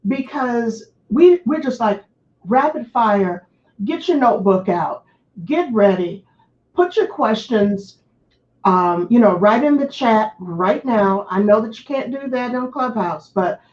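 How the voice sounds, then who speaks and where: A fast-talking, high-energy woman hosts an interview in casual chat, her voice sitting a little high. The sound is dull and lo-fi, with a noticeable echo of the room around her. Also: animated, darkish tone. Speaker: host.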